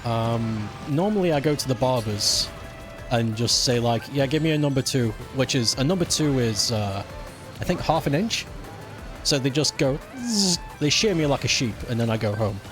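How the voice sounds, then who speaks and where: A man's voice: mid-range voice, normal speed, music in the background. A man ranting casually and with exasperation while he plays a racing game on stream, swearing often. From United Kingdom.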